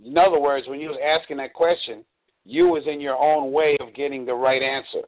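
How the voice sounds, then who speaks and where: A man's voice: medium pitch, fairly quick. A man in a coaching call, explaining earnestly and drawing on examples. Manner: earnest, explanatory, uses y'all. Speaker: dating coach. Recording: tinny phone line.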